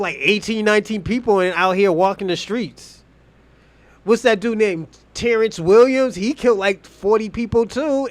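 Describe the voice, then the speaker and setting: A man's voice: high voice, dry recording. A young man from the Boston area chatting casually on a livestream, rambling and profane, laughing often. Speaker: streamer host.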